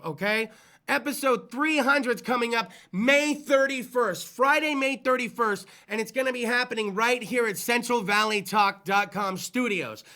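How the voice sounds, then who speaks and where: With a creaky, sharp-toned voice, a man hosts a small-studio talk show, rambling through hyped banter. It's a loose, profane live call-in show where he swears freely and drops into goofy low voices.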